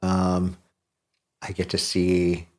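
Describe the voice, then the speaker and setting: A man's voice: low voice, completely flat delivery, very slow. A middle-aged man, a podcast host, talking in a casual, heartfelt conversation, candid and self-deprecating and swearing freely.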